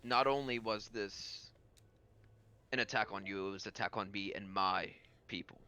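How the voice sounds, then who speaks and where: A man voicing a one-eyed, one-armed male war veteran who now rules a haven for outcasts, speaking slowly and solemnly. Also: fairly low pitch, bright, forceful tone, clear, resonant tone.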